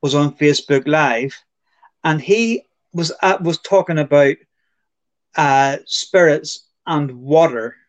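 A man's voice: fairly high pitch, takes it slowly. A man co-hosting a casual podcast, building up to a question in a storytelling way. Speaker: podcast co-host. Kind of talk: casual chat.

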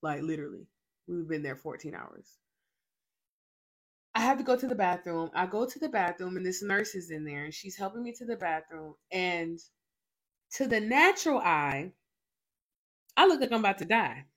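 A woman's voice: lowish voice, animated, moderate pace, fairly bright tone. A young woman hosting a faith show, telling a personal testimony in a dramatic, emphatic way with lots of repetition.

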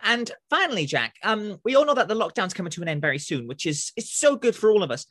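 A male podcast host with a high, bright voice, running a casual interview. He stays upbeat and effusive and often trips over his words. The sound is dry and close. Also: big pitch swings, fast talker, dry recording.

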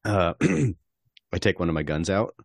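A man playing his character in a tabletop game, talking in a playful, drawling, mock-gentle way. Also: sits low, moderate pace, no room sound, clean studio sound. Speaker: player. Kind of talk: tabletop role-play.

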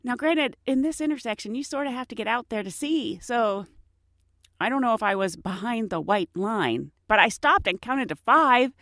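Lively chatty woman telling stories. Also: a little high, moderate pace, dry recording, clean studio sound. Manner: chatty, self-mocking, laughs often. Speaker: podcast host. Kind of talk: personal storytelling monologue.

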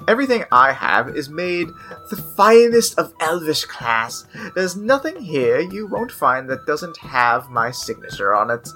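A woman's voice: low voice, sing-song, a little slow, fairly bright tone, faint music behind, exaggerated voice. A woman voicing a snobbish male elf armorer who is proud of his craft and speaks with disdain. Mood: offended. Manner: haughty, disdainful.

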